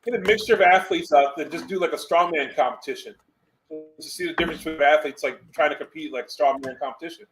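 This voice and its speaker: A man's voice: a little high, fast, background noise. A man, a guest on a podcast, chatting casually in a rambling way, full of fillers. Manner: rambling, filler-heavy, says "like" a lot. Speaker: guest, former football player.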